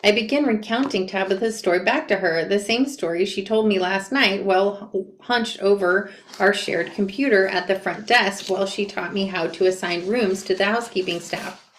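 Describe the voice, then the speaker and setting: A woman from Portland, Oregon reads a memoir aloud at a medium pitch. She breaks off into casual, animated asides. The room around her is echoey. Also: moderate pace, a little hiss or hum. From Portland, Oregon, USA. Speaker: book reader and commentator. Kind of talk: reading a memoir aloud with reactions.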